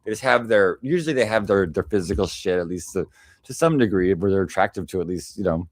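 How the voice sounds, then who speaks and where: A man's voice: low-pitched, expressive, fast, no room sound, clean studio sound. A man hosting a livestream presentation, rambling and sarcastic, full of restarts and asides. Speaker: livestream panel host. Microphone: desk microphone on a stream.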